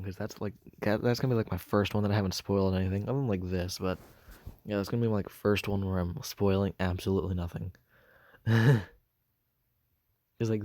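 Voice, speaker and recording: A man's voice: fairly low pitch, warm tone, no echo. A man casually retelling a fan story, hesitant and full of fillers and self-corrections.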